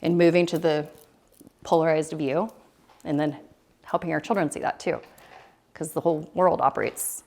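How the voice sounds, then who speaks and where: Gravelly low-voiced woman presenter. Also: steady tone, moderate pace, pauses often, darkish tone. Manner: loose, rambling delivery with many fillers and restarts. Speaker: retreat presenter. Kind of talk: casual talk to a small group. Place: retreat room.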